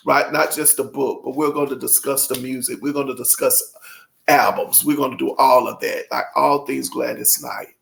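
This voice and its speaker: Gushing, gravelly-voiced man vlogging. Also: medium pitch, moderate pace. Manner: gushing, emotional and excitable; folksy, addresses viewers directly. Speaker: channel host. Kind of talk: casual vlog chat to viewers.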